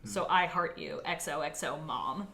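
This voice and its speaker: A woman's voice: low-pitched, normal speed, a bit bright. A woman co-hosting a podcast in casual chat, talking chattily, laughing often and restarting her thoughts. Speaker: podcast co-host. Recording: roomy echo.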